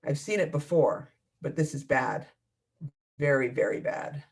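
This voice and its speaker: Gravelly-voiced man reading his fiction. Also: on the high side. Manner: measured, expressive storytelling read. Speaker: author. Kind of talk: reading own fiction aloud.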